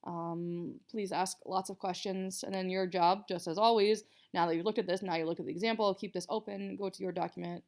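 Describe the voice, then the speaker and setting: A woman's voice: fairly low pitch, fairly even intonation, brisk, hardly any pauses, a little mellow. A young woman teacher explaining a writing assignment to students in a casual, chatty way, with many fillers. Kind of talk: casual recorded writing lesson.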